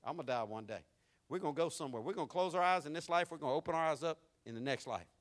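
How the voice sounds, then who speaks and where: A man preaching a sermon as pastor, swinging between loud, raised lines and hushed, low ones, folksy and conversational with the congregation. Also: animated, rapid-fire. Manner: preaching with sweeping shifts between shouted and hushed delivery.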